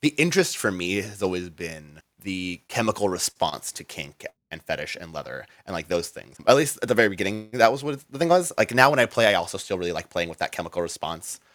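Male guest, lower voice, loose rambling storyteller, dry recording. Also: big pitch swings, quick pace, few pauses, fairly bright tone, no room sound. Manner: rambling, full of "like" and restarts. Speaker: interview guest. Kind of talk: casual storytelling in an interview.

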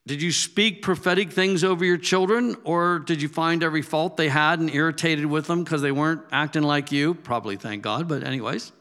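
A man preaching a sermon in an animated storytelling manner, his voice rising loud when he makes a point. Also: fairly high pitch, brisk, hardly any pauses.

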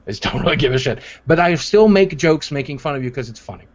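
A man's voice: fairly high pitch, fast. A man co-hosting a stream, chatting casually in a profane, joking way and telling stories. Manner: profane, joking, animated storytelling. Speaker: streamer co-host. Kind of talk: casual chat. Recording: dull lo-fi sound.

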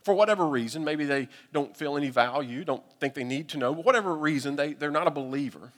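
A man with a Southern US accent, a pastor telling a humorous, animated story during a sermon. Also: on the high side, quick pace. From United States. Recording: long reverb from a hall.

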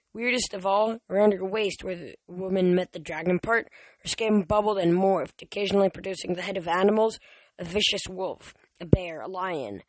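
A man with a high-pitched voice reads a novel for an amateur audiobook in a dry recording, stumbling often and restarting his words.

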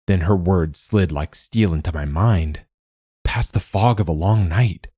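Man, deep voice, husky, dry, measured first-person fantasy narration. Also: warm tone, no room sound.

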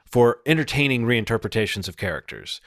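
A man's voice: mid-range voice, sing-song, fairly quick, fairly bright tone, no room sound, clean studio sound. A man hosting a casual podcast chat, talking eagerly and thinking aloud with frequent restarts.

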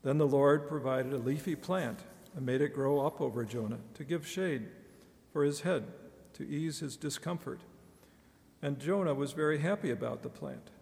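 Gravelly man reading scripture in church. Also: fairly high pitch. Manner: measured, expressive reading of quoted speech. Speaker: scripture reader. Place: church sanctuary. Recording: reverberant church hall.

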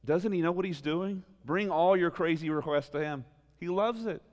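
A male pastor preaching an animated sermon, full of rhetorical questions, swinging between loud emphasis and quiet asides. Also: on the high side, normal speed, in a large hall.

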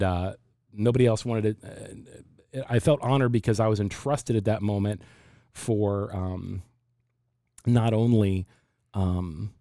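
Deep-voiced man in his forties. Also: dark tone, no echo, studio quality. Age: 40s. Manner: reflective, halting with many restarts. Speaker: pastor. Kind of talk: casual faith discussion.

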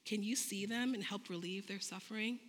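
A woman in her thirties giving a sermon full of stories, acting out conversations with lively jumps in her voice. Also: a little fast. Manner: animated, acts out dialogue with big pitch jumps. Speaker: preacher. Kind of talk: sermon with storytelling. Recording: long reverb of a large hall.

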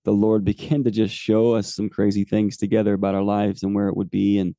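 A man's voice: on the low side, monotone, brisk, warm tone, no echo. A man in his forties, a podcast host telling a personal faith testimony in an earnest, rambling way with many fillers. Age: 40s.

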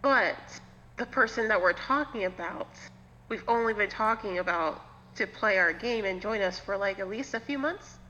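A woman's voice: medium pitch, moderate pace, sharp tone. A woman chatting as a podcast guest, sassy and teasing, swearing freely, on a lo-fi recording with reverb. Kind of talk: casual chat. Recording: lo-fi with hall reverb, faint hum.

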